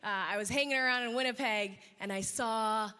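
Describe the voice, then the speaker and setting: A woman's voice: on the high side, brisk, smooth, long reverb tail. A woman comedian doing a self-deprecating stand-up set on a live stage, chatty and full of asides to the crowd. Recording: live show with loud crowd noise.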